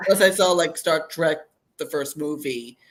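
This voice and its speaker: A man's voice: on the high side, moderate pace. A man in his thirties, a guest chatting casually about his project, rambling and restarting his sentences. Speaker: guest, campaign creator. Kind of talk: casual chat.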